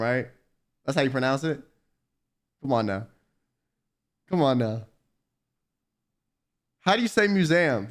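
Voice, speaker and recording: Give me a young man on a livestream, casual and slangy, with a slightly high voice. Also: animated, a little slow, pauses often. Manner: reads aloud then riffs, slangy and teasing. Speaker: streamer.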